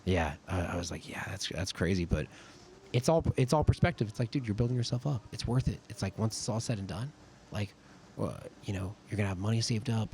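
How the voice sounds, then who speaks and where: A man's voice: on the low side, lively intonation, brisk, darkish tone, slight background noise. A young man in his twenties from California, a podcast guest and army sergeant telling casual, rambling stories full of "like.". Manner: rambling, filler-heavy with frequent "like". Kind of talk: casual storytelling.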